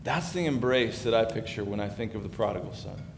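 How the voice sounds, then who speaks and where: A man's voice: animated, brisk. A man giving a sermon as pastor, talking conversationally and building in emphasis. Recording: echoey hall with faint background rumble.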